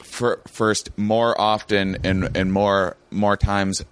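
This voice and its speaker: A man's voice: fairly low pitch, flat delivery, slow pace, fairly bright tone, clear, resonant tone, dry recording. A man who is a comedian guest in casual chat, laid-back and explanatory, swearing freely.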